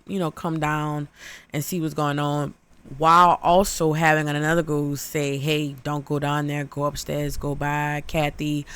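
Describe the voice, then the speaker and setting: A young adult woman casually recapping a horror movie for laughs, swearing constantly and acting out the characters with big voices. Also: low-pitched. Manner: profane, animated, acts out characters with exaggerated voices.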